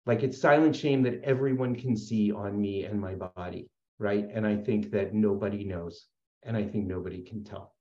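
A man with a lowish voice shares his story at a support meeting, talking in an earnest, rambling way full of fillers and restarts. The sound is dull and lo-fi, and it echoes in a roomy space. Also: normal speed. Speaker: speaker sharing at a recovery meeting.

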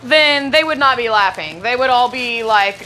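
Jokey woman co-host with a bright voice. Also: expressive, normal speed, slight background noise, low-quality recording. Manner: jokey, acts out characters in deeper voices. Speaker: podcast co-host. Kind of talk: casual chat about a movie.

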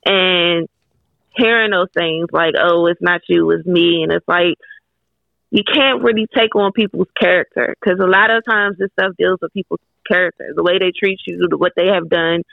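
A woman's voice: on the low side, fairly even intonation, normal speed, gravelly, no room sound. A woman speaking as a guest author in a casual podcast chat, frank and candid, swearing casually as she talks. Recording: tinny phone-like line, dry.

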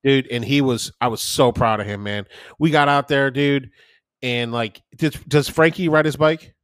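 A man's voice: medium pitch, moderate pace, smooth, no room sound, studio quality. A man in his thirties, a podcast co-host, telling stories in casual chat and swearing freely. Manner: animated storytelling, swearing, acting out voices in quotes.

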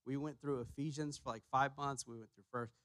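A man preaching a sermon as pastor, emphatic, repeating his key phrases and pushing louder on each point. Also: medium pitch, fairly even intonation, fairly quick, dry recording. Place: church sanctuary.

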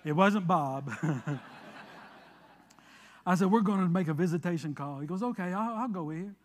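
Male pastor, high-pitched, preaching with emphasis and telling stories with quoted back-and-forth, church hall reverb. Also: moderate pace, a little hiss or hum. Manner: preaching with rising emphasis, then relaxed storytelling with quoted dialogue. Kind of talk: sermon with a personal story.

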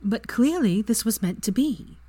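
A woman reading aloud and voicing a calm, knowing young witch who gives matter-of-fact advice. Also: on the high side, normal speed, dry recording, pitched above the performer's own voice.

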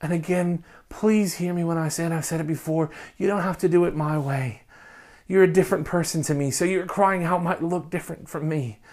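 Passionate pastor preaching. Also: male voice, a little high, steady tone, a little fast. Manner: passionate, swings between quiet and loud. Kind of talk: sermon. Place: church recording during lockdown.

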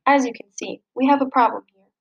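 A woman reading aloud, voicing a schoolteacher who speaks in a clear, calm, firm voice. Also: sits high, fairly quick, no room sound, lo-fi sound. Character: calm, composed female schoolteacher.

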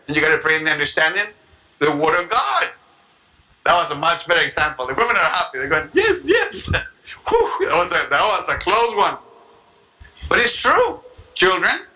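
A man's voice: high-pitched, poor audio. A man preaching a sermon, acting out prayers and mimicking people as he teaches. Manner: animated preaching with acted-out prayer voices and tongues. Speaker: pastor.

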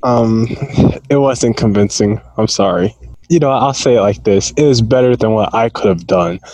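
A man's voice: on the low side, normal speed, a little mellow, no room sound, poor audio. A man speaking as a podcast guest, hesitant at first and then teasing drily. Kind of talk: casual podcast chat.

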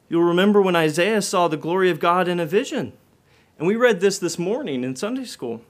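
A preacher man with a fairly high voice delivers a sermon. His delivery swells loud and then drops low and soft. He asks the listeners direct questions. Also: lively intonation, brisk.

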